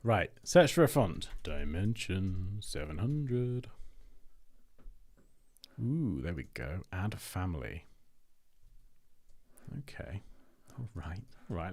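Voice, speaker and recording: A man's voice: deep voice, animated, slow pace, long pauses, darkish tone. Chatty man thinking aloud. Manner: chatty, thinking aloud while working on screen. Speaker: livestream host reviewing designs. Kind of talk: casual livestream commentary.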